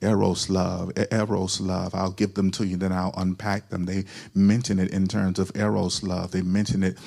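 A man's voice: sits low, level tone, normal speed, gravelly, darkish tone, husky. A man preaching a sermon as pastor, repeating key phrases and calling on the congregation to answer back.

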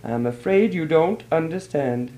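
A man's voice: on the high side, expressive, measured pace, dark tone, rough recording. A man voicing a proud, dignified woman in her thirties who speaks politely and hesitantly.

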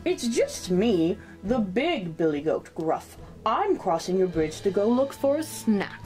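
A woman voicing a calm, clever male billy goat in a storybook read-aloud, pleading slowly and gently. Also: mid-range voice, soft background music. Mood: coaxing.

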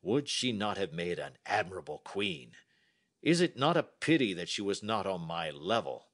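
Storybook king, proud and emotional, exclaiming loudly, read by a man. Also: low-pitched, big pitch swings, normal speed, no echo, studio quality, exaggerated voice. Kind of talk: storybook reading for learners.

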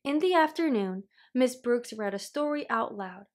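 A woman reading a children's story aloud, slowly, clearly and expressively. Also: on the high side, lively intonation. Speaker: storybook reader.

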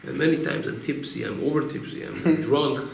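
A man voicing a dying, drunken male butcher who tearfully confesses in a low, hushed, pleading voice. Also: moderate pace, vocal fry, reverberant, distant mic, slight background noise, close to an everyday voice. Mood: tearful confession.

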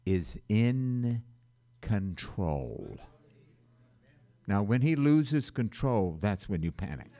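An older man preaching a sermon in an animated way, slipping into loud mock-panicked voices. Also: fairly low pitch, very slow, pauses often. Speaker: pastor.

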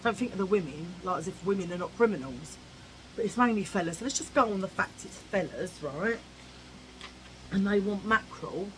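A woman vlogger with a mid-range voice and lively intonation rants cheekily to the camera at a moderate pace. Chatty and opinionated, she imitates old-fashioned voices. The low-quality recording has slight background noise.

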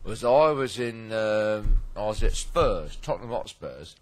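A man talking in a deadpan, mock-reasonable, sweary way in an improvised comic chat. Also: on the low side, a little slow, a little hiss or hum. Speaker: comedian in improvised dialogue.

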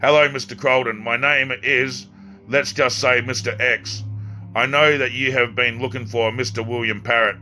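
Man reading as a sinister cult leader on the phone, measured, coolly threatening, bright edgy tone, faint music behind. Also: medium pitch, fairly even intonation. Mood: coolly menacing.

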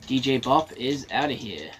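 A man's voice: mid-range voice, very animated, normal speed, a little hiss or hum. A man giving casual gameplay commentary, swearing freely and talking himself through a match. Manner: swears freely, talks to himself while playing. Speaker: gaming streamer.

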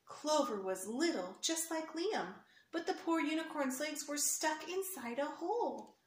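Her voice sits high with lively intonation at a moderate pace as she reads a picture book to children, explaining words and pointing out the pictures. She is a children's storyteller, recorded in an echoey room with faint hiss.

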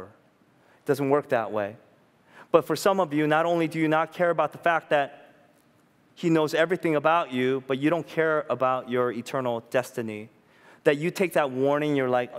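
A man's voice: mid-range voice, moderate pace, clear, resonant tone. A man in his thirties or forties preaching a sermon in a conversational way, often asking "you know?" and acting out quotes. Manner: conversational preaching, tag questions, acted-out quotes. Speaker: pastor. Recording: long reverb of a church hall.

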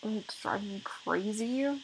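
A woman's voice: mid-range voice, unhurried, vocal fry, slight background noise, low-quality recording. A young woman, a gaming channel host, rambling through casual gameplay commentary with lots of fillers, talking around a rubber band from her braces. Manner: chatty, rambling, many "like" and "um" fillers.

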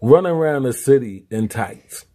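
A man's voice: mid-range voice, animated, moderate pace, mellow. A man with a Southern US accent, joking and teasing his wife on a casual vlog. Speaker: vlogger's husband.

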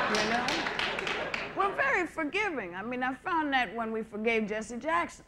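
A woman performing live stand-up comedy on a theater stage, talking in a profane, conversational way and mocking people with quick impressions. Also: high voice, big pitch swings. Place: theater stage with laughing audience. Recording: noisy VHS live recording with loud crowd.

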